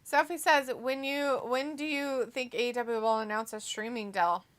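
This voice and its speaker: Woman co-host, slightly high and bright, casual stream chat, reads comments with easy laughs. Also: fairly even intonation, moderate pace. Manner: reads viewer comments aloud, laughs easily. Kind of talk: casual watch-along chat.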